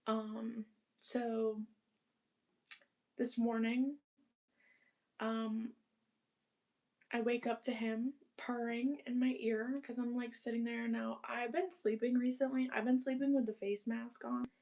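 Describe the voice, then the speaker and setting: A woman's voice: fairly high pitch, level tone, slow, gravelly, pauses often, darkish tone. Chatty young woman cleaning and rambling. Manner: chatty, rambling, swears casually, baby talk to her cat. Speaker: vlogger. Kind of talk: casual chat while cleaning.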